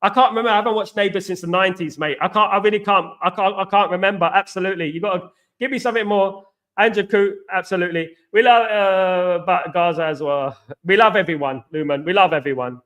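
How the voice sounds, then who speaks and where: This fast-talking East London man has a high, fairly bright voice. He's casually hosting a football fan live stream, reading out what viewers write, repeating himself and saying "absolutely" a lot.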